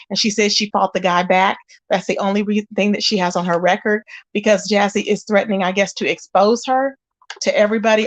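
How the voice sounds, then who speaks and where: A woman hosting a casual live stream, chatting straight to her viewers and exclaiming as she goes. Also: mid-range voice. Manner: chatty, addresses viewers directly, exclaims often. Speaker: livestream gossip host. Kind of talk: casual live-chat commentary.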